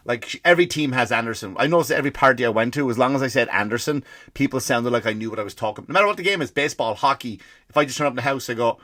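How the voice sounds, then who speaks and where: A man's voice: mid-range voice, racing, few pauses, bright, forceful tone, no echo, studio quality. An Irish man in his forties, a comedy podcast host, ranting in a rambling, profane way full of restarts. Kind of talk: comedic rant.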